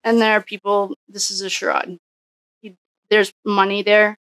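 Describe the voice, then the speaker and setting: A woman's voice: mid-range voice, little pitch movement, normal speed, fairly bright tone, dry recording. A woman doing a casual solo tarot reading, musing and thinking aloud with frequent restarts. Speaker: psychic tarot reader.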